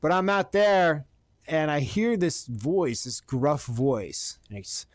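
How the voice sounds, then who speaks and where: Profane, animated storyteller man, higher voice. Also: slow pace, no room sound. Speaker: podcast host. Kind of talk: casual storytelling. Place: Oregon.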